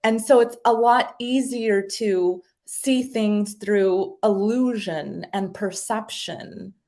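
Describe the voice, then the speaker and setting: A woman talking as a guest, explaining ideas in a casual, animated way and acting out little voices as she goes. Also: medium pitch, slow. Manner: animated, acts out little voices in her stories. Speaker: guest speaker explaining identity.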